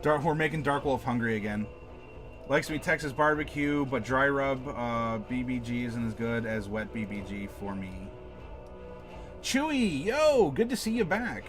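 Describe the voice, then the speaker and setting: A man streams live from his home desk, chatting casually and rambling as he answers viewers' messages aloud. His mid-range voice has lively intonation, a measured pace, and a fairly bright tone, with faint music in the background.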